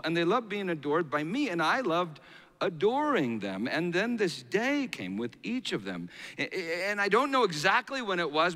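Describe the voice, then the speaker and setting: A middle-aged man preaching a sermon as a pastor, swinging between hushed and loud passages. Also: sits high. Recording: long reverb of a large hall.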